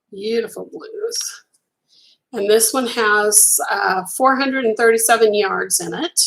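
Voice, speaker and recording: A woman hosting a relaxed live chat from home, talking warmly and enthusiastically about what she holds. Her voice is a little hoarse, and she clears her throat now and then as if she is losing her voice. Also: mid-range voice, rough recording. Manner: chatty, enthusiastic, admiring, talks to viewers by name. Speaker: crochet designer hosting a live stream. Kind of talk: casual live-stream chat.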